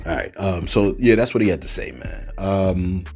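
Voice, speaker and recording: Man, commentary host, low voice, husky, loose repetitive delivery. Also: moderate pace, a little mellow. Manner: loose, repeats words, adds "man", "you follow me". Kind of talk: casual spoken commentary.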